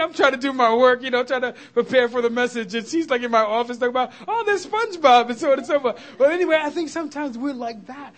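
A man preaching a sermon to his congregation, animated, laughing and shouting at times. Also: very high-pitched. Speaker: pastor. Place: church sanctuary.

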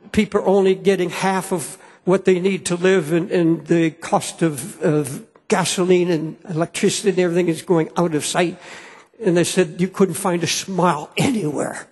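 A man's voice: high voice, slightly rough. A man preaching a sermon as pastor, earnest and fervent, often restarting his phrases. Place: church sanctuary. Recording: long hall reverb.

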